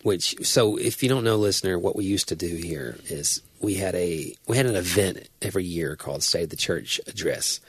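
A man, a pastor hosting a podcast, telling stories in lively casual chat and laughing often. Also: low voice, moderate pace, few pauses, breathy edge, no echo. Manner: animated storyteller, laughs often.

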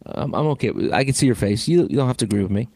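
A man's voice: medium pitch, racing, creaky, a little mellow, dry recording. A man co-hosting sports radio, talking casually with hesitant fillers.

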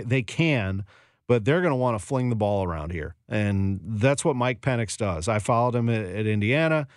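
A man's voice: mid-range voice, dry recording, studio quality. A man hosting a sports talk radio show, giving emphatic, opinionated takes and repeating his points for effect.

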